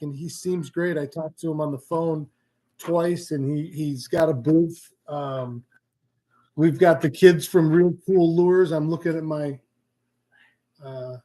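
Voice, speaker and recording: A man's voice: fairly high pitch, warm tone. A man hosting a casual fishing livestream from home, rambling and joking as he reads out comments. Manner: rambling, joking, easily sidetracked. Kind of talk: casual live-stream chat. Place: home, indoors.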